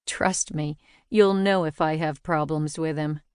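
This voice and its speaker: A woman narrator voicing a blunt young female aircraft mechanic in a low, calm, cold-edged tone. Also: measured pace, smooth, dry recording, clean studio sound. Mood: reassuring. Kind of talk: audiobook character voice.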